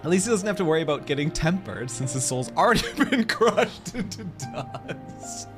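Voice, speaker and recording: A game streamer gives casual live commentary at a normal speed over music. Giggly and excitable, the medium-pitched speaker talks directly to chat.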